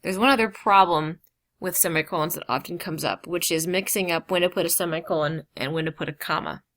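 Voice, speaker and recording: A low-voiced woman teaching grammar to a class. She explains with patient emphasis on key terms. She slips in informal asides along the way. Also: fairly bright tone. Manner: explains slowly, stressing key words, with casual asides. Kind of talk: grammar lesson.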